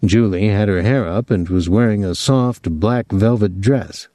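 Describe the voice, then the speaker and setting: A man narrating a novel as an audiobook in a measured, expressive storytelling voice, on a close microphone. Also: fairly low pitch, no room sound. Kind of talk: scripted narration.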